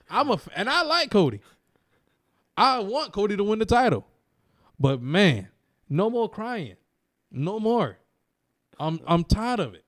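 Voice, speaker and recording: A man's voice: sits high, big pitch swings, a little slow, long pauses, a bit bright. A man co-hosting a casual podcast, ranting emphatically and repeating slang for emphasis. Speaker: co-host.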